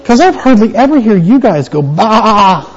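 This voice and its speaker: A man's voice: extremely high pitch, big pitch swings, brisk, mellow, highs cut off. A man pastor giving a playful children's sermon in a church, quizzing the kids with questions.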